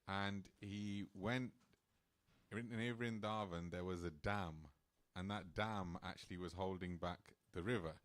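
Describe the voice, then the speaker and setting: A man's voice: deep voice, fairly even intonation, measured pace. A man speaking as a temple speaker, telling a sacred story in a casual, chatty sermon style. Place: temple hall.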